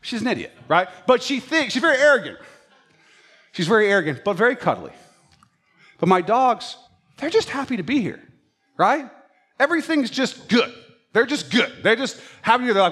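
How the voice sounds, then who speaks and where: Lively, animated preaching man. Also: sits high, moderate pace, pauses often, breathy edge. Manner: animated storytelling preacher who acts out his pets' thoughts. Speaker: pastor. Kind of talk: sermon.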